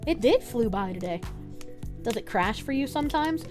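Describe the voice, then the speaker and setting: A woman's voice: fairly high pitch, animated, normal speed, soft background music. A woman livestreamer chatting casually and thanking viewers for donations, crude and joking, swearing freely. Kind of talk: casual stream chat, reading out donations.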